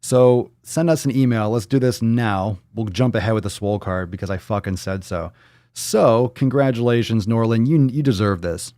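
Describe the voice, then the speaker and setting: A man's voice: lowish voice, moderate pace, dark tone, no room sound, studio quality. A man hosting a live fitness stream, chatting casually and bluntly with lots of swearing while he reads out viewer posts. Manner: blunt, profane, playful, jumps into silly voices. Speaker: fitness show host.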